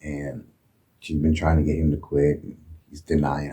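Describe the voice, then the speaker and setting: A man from Oakland, California, telling a profane, animated story as a guest in a casual interview. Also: extremely low pitch, normal speed, husky. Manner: profane, animated retelling with acted quotes.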